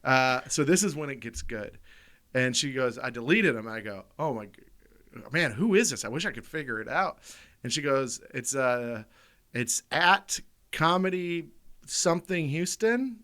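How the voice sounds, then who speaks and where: A man's voice: medium pitch, expressive, unhurried, sharp tone. A man with an American accent co-hosting a comedy podcast, telling profane stories and laughing through them. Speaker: podcast co-host. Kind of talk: casual storytelling.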